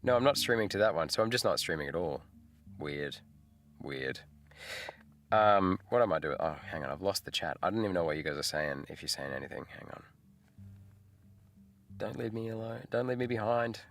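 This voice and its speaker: A man's voice: a bass voice, animated, fairly quick, a bit bright, soft background music. A middle-aged man, hosting a casual livestream chat, laid-back and rambling, laughing often. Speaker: livestream host. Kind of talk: casual live chat with viewers.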